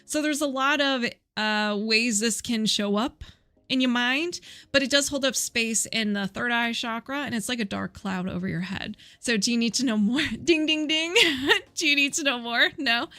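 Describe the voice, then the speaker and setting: A woman's voice: a little high, normal speed, sharp tone. A woman running a live healing session, chatty and playful, laughing often and answering her own yes-or-no questions. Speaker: energy healer.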